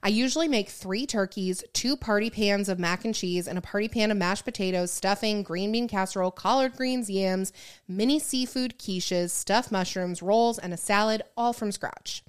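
A woman co-host on an advice podcast, chatting easily and reading listener letters with quick asides. Her voice is smooth and clear, sitting in a middle pitch.

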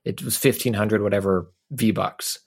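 A man co-hosting a podcast, chatting casually and joking around with mock sales pitches. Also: measured pace. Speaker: co-host.

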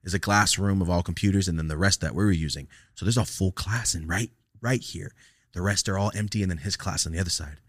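A man with a fairly low voice spins a comic story from his own past, swearing freely and throwing himself into it. His delivery is casual and animated. The sound is dry and close, with no room echo. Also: fast. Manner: animated, profane, acts out quoted lines. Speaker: podcast host.

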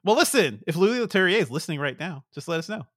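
A male co-host with a bright, somewhat high voice full of lively movement. He chimes in eagerly with quick agreement, and he sits close to a dry mic. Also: dry recording. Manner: enthusiastic, quick affirmations. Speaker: podcast co-host. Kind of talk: casual podcast chat.

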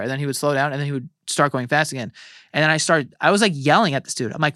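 Man, higher-pitched and animated, swears freely, telling stories on a podcast. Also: rapid-fire, no room sound, clean studio sound. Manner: animated storytelling, heavy swearing. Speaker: guest co-host. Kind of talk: casual podcast chat.

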